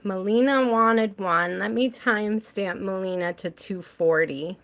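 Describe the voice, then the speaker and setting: A woman's voice: mid-range voice, a little slow, fairly bright tone. An American woman hosting a tarot livestream, chatting with viewers and reading out their names. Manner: chatty, reads out viewer names, laughs often. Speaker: tarot reader and livestream host. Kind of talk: casual livestream chat with viewers.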